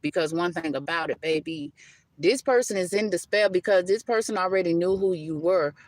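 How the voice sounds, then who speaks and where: A woman's voice: fairly low pitch, fairly quick, no echo. Emphatic woman giving a spiritual reading. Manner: emphatic, repetitive, calls listener baby and honey; loose, conversational, with self-interruptions. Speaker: tarot reader. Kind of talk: live spiritual reading monologue.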